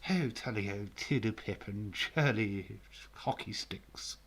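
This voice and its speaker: A man voicing a pompous upper-class English gentleman in a plummy, exaggerated way. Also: lowish voice, takes it slowly, slightly rough, full character voice.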